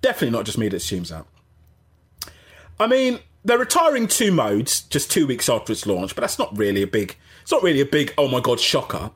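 A man hosting a casual gaming livestream, rambling and animated, often interrupting himself. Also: medium pitch, a little fast, slightly rough. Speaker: gaming channel host.

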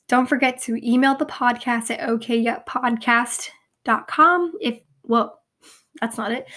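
Young woman, podcast host, slightly high voice, rambling casual chat, self-deprecating, hoarse voice. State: losing her voice, slightly hoarse.

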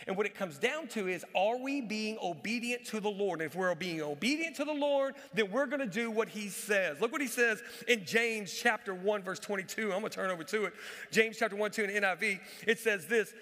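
Bright-voiced man preaching in a reverberant church. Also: high-pitched, fairly quick. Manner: animated preaching, repeats key phrases for emphasis. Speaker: pastor. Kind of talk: sermon. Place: church sanctuary. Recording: live church recording with long hall reverb.

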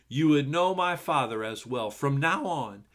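A middle-aged man preaches a sermon at an unhurried, deliberate pace. His voice sits at an ordinary middle pitch, and he moves from earnest scripture reading into relaxed, conversational asides to the congregation. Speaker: pastor.

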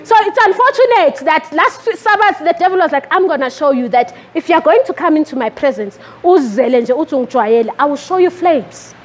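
High-pitched woman preaching, animated, middle-aged. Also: a little fast, few pauses. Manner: animated, code-switching with lively rises in pitch. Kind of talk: sermon.

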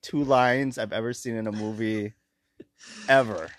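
A man's voice: fairly low pitch, steady tone, measured pace, dry recording, studio quality. A man co-hosting a podcast, chatting casually about a movie, jumping between points and laughing often. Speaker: podcast co-host.

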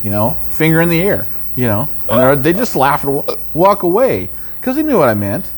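A man's voice: a little high, fairly quick. Casual man telling stories in chat. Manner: storytelling, animated when quoting others. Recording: faint background noise.

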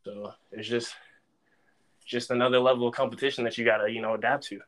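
Young man telling a lively story. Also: mid-range voice, fast. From Dallas, Texas. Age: young adult. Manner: animated storyteller, acts out quotes loudly. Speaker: podcast guest, former college football player. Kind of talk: casual storytelling interview.

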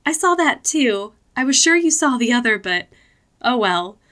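A playful young woman bubbles over with excitement, as a female narrator puts her on. She sounds high and bright, breathless and giggly, with a forceful ring. It comes across as a storybook voice in an adult audiobook. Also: normal speed. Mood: giddy excited.

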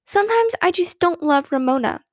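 A woman's voice: sits high, animated, normal speed, vocal fry, no room sound, clean studio sound, pitched above the performer's own voice. A woman putting on an eager little girl. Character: young girl, earnest and easily shocked.

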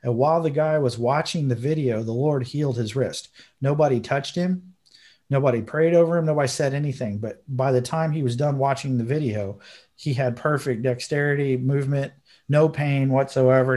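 A podcast host tells a story in a casual, earnest and emotional way, dropping slang like bro and dude. His medium-pitched voice is brisk and a little mellow.

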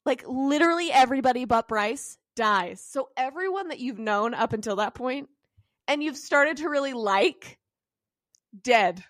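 A woman's voice: sits high, lively intonation, normal speed. A woman co-hosting a casual book podcast, talking animatedly and emphatically, often laughing and swearing as she chats. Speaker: podcast co-host. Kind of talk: casual chat about books.

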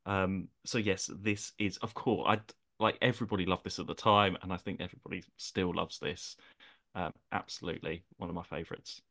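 A man's voice: deep voice, steady tone, fairly quick, fairly bright tone. A man co-hosting a podcast, sharing his opinion in an enthusiastic, rambling way with lots of fillers. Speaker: podcast co-host. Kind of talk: casual chat, giving his opinion.

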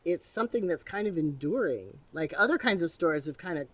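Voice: mid-range voice, animated, a little fast, a bit bright, recorded from a distance. An interviewer in their fifties with a lozenge in the mouth after a cold, talking in a rambling way full of restarts. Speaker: interviewer and radio host. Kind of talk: casual interview chat.

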